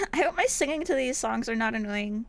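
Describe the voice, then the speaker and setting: Young woman streamer, high voice, casual chatty asides to her live viewers. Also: animated, brisk, vocal fry. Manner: chatty asides between singing along to songs. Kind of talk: casual chat while crafting on a live stream.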